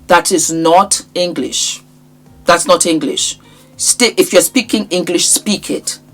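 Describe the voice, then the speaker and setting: Woman host, middle-aged, low-pitched, emphatic advice-giver, soft music bed. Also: slow. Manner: animated, emphatic, repeats phrases for effect. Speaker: YouTube host, speaking coach. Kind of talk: casual advice monologue.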